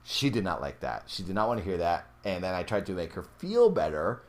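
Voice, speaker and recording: A young man casually telling a true ghost story from his youth, animated and rising in pitch when the story turns tense. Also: a little fast. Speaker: podcast host.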